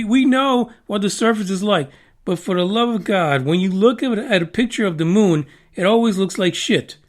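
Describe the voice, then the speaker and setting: A man hosting a podcast, chatting casually through space news in a rambling, jokey way and swearing freely. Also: sits high. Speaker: podcast host.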